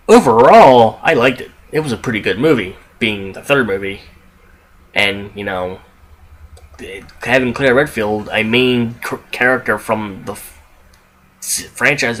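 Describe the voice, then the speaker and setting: A man's voice: mid-range voice, fairly bright tone. A young man casually reviewing a film on his podcast, rambling with frequent restarts, asides and casual swearing. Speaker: movie reviewer, podcast host.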